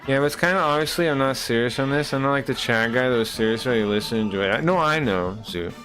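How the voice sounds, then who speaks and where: A male streamer talks at a middle pitch, riffing to his chat in loose, swearing rants that cut off and start over. Faint music plays under his voice throughout. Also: fast talker, fairly bright tone. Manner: rambling, profane, self-interrupting rants. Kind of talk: casual live-stream chat.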